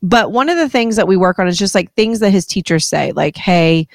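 A woman, a mom co-hosting a podcast, in casual chat with quick interjections and reactions. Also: medium pitch, expressive, vocal fry, no room sound, clean studio sound.

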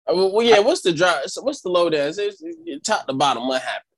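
A man's voice: a little high, expressive, fairly quick, dry recording. A man co-hosting a podcast, joking and playful in casual chat. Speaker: podcast co-host.

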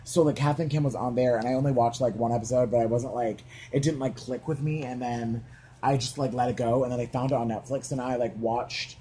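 A man's voice: medium pitch, fairly even intonation, brisk, mellow, a little hiss or hum. A man co-hosting a podcast in casual chat, rambling with many "like" fillers and casual swearing. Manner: chatty, heavy "like" filler, swears freely. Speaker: podcast co-host.

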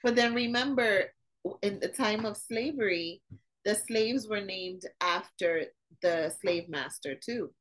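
A woman co-hosting a podcast. She chats casually and keeps dropping in quick agreeing interjections. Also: mid-range voice, a bit bright, slight background noise, rough recording. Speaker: podcast co-host. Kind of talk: casual chat.

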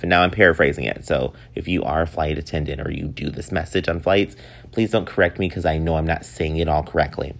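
Deep-voiced man chatting on his podcast. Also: fast talker, vocal fry. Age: 30s. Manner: chatty, animated, laughs often. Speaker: podcast host. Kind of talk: casual solo podcast talk.

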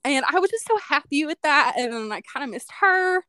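This young woman, a podcast co-host, tells a personal story in casual chat, fairly quick and expressive, her voice sitting high with a sharp tone. She's chatty and reflective and says "like" a lot. No room sound is present.

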